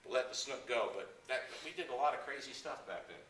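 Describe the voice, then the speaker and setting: Animated storytelling man, echoey room. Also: medium pitch, a little fast, a little hiss or hum. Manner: animated yarn-spinner, acts out quotes, laughs often. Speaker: guest speaker at anglers club. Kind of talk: storytelling to a club audience. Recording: echoey room, speaker far from mic.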